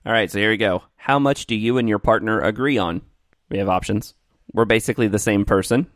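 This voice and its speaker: Man, lowish voice, podcast co-host, casual chat, offhand quiz reading, dry close sound. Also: fairly quick, dry recording. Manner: reads quiz questions aloud in a relaxed, offhand way.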